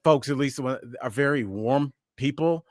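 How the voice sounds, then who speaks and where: A man's voice: mid-range voice, normal speed, darkish tone, dry recording. Casual male podcast co-host, dry sound. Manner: conversational, many fillers and restarts. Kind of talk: casual news chat.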